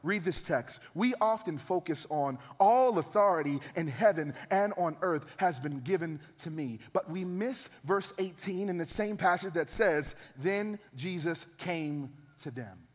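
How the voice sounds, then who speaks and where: High-voiced pastor preaching in a hall. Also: male voice, lively intonation, unhurried, few pauses. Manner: emphatic, builds to loud peaks. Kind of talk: sermon.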